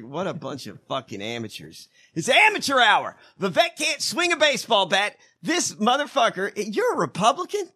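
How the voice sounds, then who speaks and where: Animated, bright-voiced man riffing crudely. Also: sits high, breathy edge. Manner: crude, mocking, swings loud and quiet. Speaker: podcast co-host. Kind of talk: casual profane commentary.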